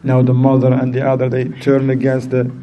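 Animated man telling a moral story. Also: a little fast, lo-fi sound, slight background noise. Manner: animated storyteller, acts out quoted voices in a raised pitch. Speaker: Islamic teacher. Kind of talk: storytelling lesson.

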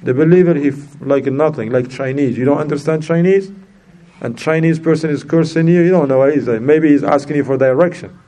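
A man preaching a sermon in a lively way, mixing in Arabic terms and acting out quoted speakers with sudden high jumps in pitch. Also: brisk. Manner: non-native phrasing, mixes in Arabic terms.

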